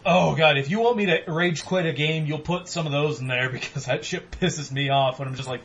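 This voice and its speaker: A man co-hosting a casual gaming podcast, talking animatedly, swearing and mock-yelling at games. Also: on the high side, a little fast, hardly any pauses, lo-fi sound. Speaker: podcast co-host.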